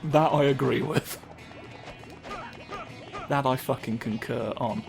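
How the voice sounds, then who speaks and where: Gravelly-voiced man rambling over gameplay. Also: mid-range voice, slow pace. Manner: rambling, jokey, swears often. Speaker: let's play host. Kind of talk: casual gameplay commentary. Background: game music.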